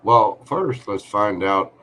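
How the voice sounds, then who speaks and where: A man's voice: lowish voice, expressive, pushed and bright. A man giving a live-streamed tarot reading, talking to the viewer in a chatty, reassuring way. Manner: slow, chatty, reassuring, talks to viewer directly. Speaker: tarot reader.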